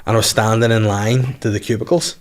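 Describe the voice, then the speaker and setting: Fast-talking man. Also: on the low side, fairly even intonation. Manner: rapid storytelling, loud swearing. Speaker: podcast host. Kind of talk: casual comedy chat.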